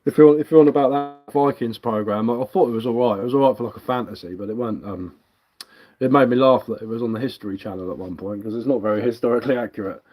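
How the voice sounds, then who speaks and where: Speaking fast with a dark tone at medium pitch, this English woodcarver chats on his bushcraft livestream. His Cockney accent has a dash of Sussex, and he meanders a little as he answers viewers.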